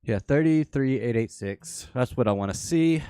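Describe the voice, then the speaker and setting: A man's voice: mid-range voice, lively intonation, dark tone, clear, resonant tone, dry recording, studio quality. A man hosting a trading workshop, walking through a livestreamed chart while thinking aloud and correcting himself as he goes. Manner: unhurried, thinks aloud, restarts and self-corrects.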